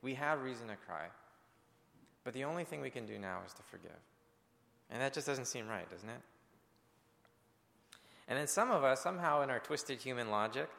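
A male pastor delivering a sermon, talking to his congregation in an earnest, conversational way. His voice has a gravelly edge, sits at a middle pitch, and trails off into the long reverb of a church sanctuary. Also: expressive, moderate pace, bright, forceful tone.

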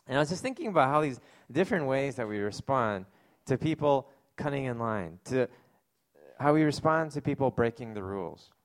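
A man preaching a sermon, reading scripture slowly and then telling stories in a loose, chatty way with many fillers. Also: lively intonation. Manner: acts out quoted people in loud high voices. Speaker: pastor.

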